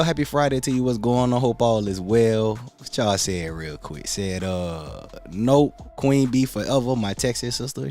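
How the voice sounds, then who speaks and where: A man's voice: mid-range voice, darkish tone. A man hosting a casual livestream, greeting viewers by name in laid-back slangy talk. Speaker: livestream host.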